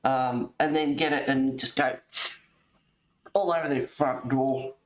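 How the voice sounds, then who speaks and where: A woman's voice: rumbling low, steady tone, measured pace, reverberant. A woman hosting a live colouring stream, chatting casually, reading and answering viewers, laughing often. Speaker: livestream host reading chat. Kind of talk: casual chat while colouring. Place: home room at a table.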